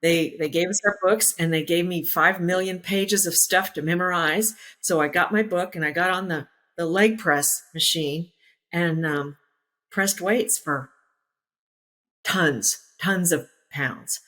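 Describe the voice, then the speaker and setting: A woman in her sixties tells stories from her flying days, her voice sitting a little low for a woman. She talks casually and with spirit, slipping into the voices of the people she quotes and laughing easily along the way. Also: a little slow, fairly bright tone. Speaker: former naval aviator, interview guest. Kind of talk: casual anecdotal storytelling.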